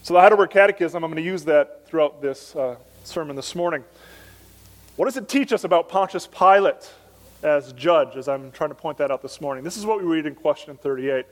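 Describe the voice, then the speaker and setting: A male pastor preaching a Sunday morning sermon, earnest and emphatic, slowing down to stress key phrases. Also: on the high side, lively intonation. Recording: long church reverb.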